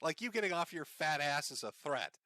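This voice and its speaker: A man's voice: on the high side, expressive, a little fast, pushed and bright, no room sound. A man hosting a commentary show, talking sarcastically over clips, often laughing and swearing. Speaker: commentary host.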